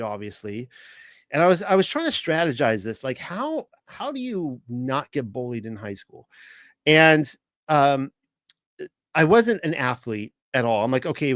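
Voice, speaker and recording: A man's voice: fairly high pitch, no room sound. A man teaching the Bible in a casual, rambling way, with many restarts and fillers. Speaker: ministry teacher.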